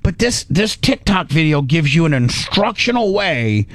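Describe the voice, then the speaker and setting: A middle-aged man hosting a talk show, telling a story in a casual, animated way, acting out his own panicked self-talk with frequent restarts. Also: on the high side, moderate pace, dry recording.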